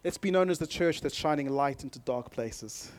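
A man preaching a sermon to his congregation, moving from calm scripture reading to loud, emphatic exhortation and speaking directly to the people in front of him. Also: on the high side, moderate pace. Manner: addresses the congregation directly with audience prompts. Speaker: pastor.

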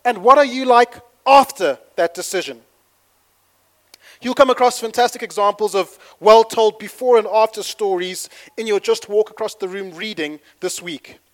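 A man preaching to his congregation, playful and chatty, then building to fervent shouting. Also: sits high, normal speed. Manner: playful, leads the congregation in call-and-response. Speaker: pastor. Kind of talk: sermon.

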